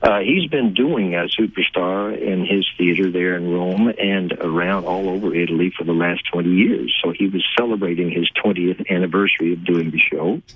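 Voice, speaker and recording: Older Texan man, low and husky, animated guest storyteller who laughs a lot, heard over a tinny phone line. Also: moderate pace, hardly any pauses. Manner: warm, laughing, enthusiastic storyteller. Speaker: guest actor. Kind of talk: phone interview, casual storytelling. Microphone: telephone.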